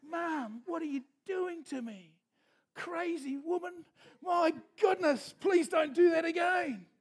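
Frantic baby eaglet. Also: male voice, very high voice, slow, pitched above the performer's own voice. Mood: indignant. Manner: squealing, shouting, breathless cries. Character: panicky baby eaglet learning to fly.

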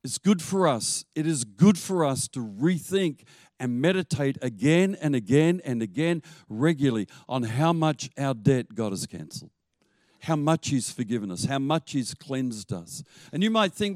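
A man preaching a sermon as pastor. He tells stories in an animated way and laughs now and then. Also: medium pitch, normal speed, no room sound.

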